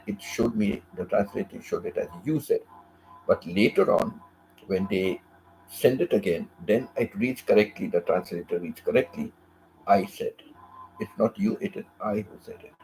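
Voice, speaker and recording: Deep, gravelly man in casual talk. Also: moderate pace, darkish tone, a little hiss or hum, poor audio. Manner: repeats phrases, often asks "correct?" and says "you know". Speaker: host.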